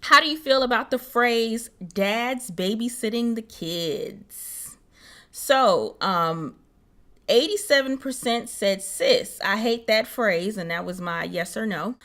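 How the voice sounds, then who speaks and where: A young woman co-hosting a casual podcast, talking in a lively way and jumping high in pitch when she mocks what other people say. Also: slow. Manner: animated, swoops high when mocking others. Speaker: podcast co-host.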